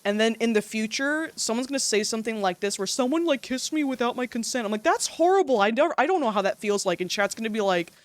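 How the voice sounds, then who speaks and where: A young woman chatting on a livestream in an animated, storytelling way, swearing as she goes. Her pitch sits a little high and leaps around a lot. The sound is dry and close, with no room echo. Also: fast talker, hardly any pauses. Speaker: streamer. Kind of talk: casual livestream chat.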